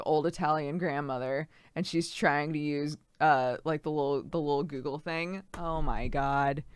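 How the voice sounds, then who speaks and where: Animated, giggly woman streamer. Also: sits low, clear, resonant tone, dry recording, clean studio sound. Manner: laughs a lot, swears casually, chatty and animated. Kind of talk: casual live-stream chat, reading sub thank-yous.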